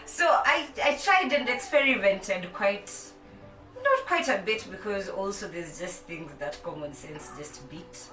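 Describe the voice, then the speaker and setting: A woman's voice: mid-range voice, lively intonation, a little slow, sharp tone, far from the mic, soft background music. A young woman with a Kenyan accent chatting playfully to camera, laughing often, in a home with street noise outside. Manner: playful, laughs often, mixes English and Swahili. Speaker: vlogger. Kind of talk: casual chat to camera. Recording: roomy sound from off the mic.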